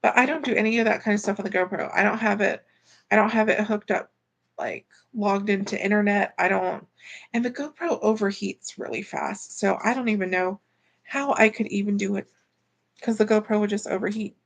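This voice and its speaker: Chatty woman with a gravelly edge. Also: mid-range voice, a little fast. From Florida. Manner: chatty, reads viewer comments aloud. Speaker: livestreamer and delivery driver. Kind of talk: casual livestream chat reading comments.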